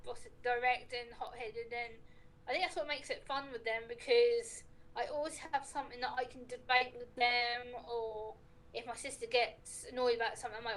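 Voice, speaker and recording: High-voiced chatty woman guest. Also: fairly even intonation, moderate pace, fairly bright tone, slight background noise, rough recording. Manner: chatty, recounts talks with lots of quoted dialogue. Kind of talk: casual chat, storytelling.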